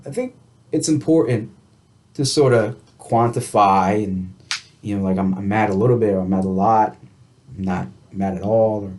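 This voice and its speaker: A man's voice: mid-range voice, a little mellow. A man talking casually to camera in a vlog, rambling through his thoughts on coping with stress, full of restarts and "you know.". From United States. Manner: reflective, laughs lightly now and then. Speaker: vlogger. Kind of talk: casual rambling self-help talk.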